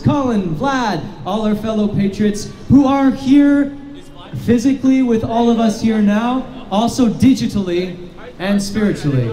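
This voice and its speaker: A man addresses a street protest, his voice pitched very high yet soft and mellow in tone. He declaims in repeated slogans and often rises to a shout. The sound carries a roomy echo from the open street. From Canada. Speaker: rally speaker. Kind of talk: impassioned outdoor rally speech. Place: street protest outdoors in the rain.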